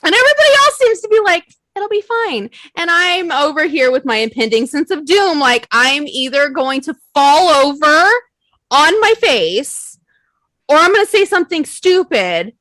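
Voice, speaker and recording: High bright young woman podcast cohost, swears a lot, laughs at herself, acts out her own lines. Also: sing-song, normal speed, no echo. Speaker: podcast co-host. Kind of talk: casual podcast chat.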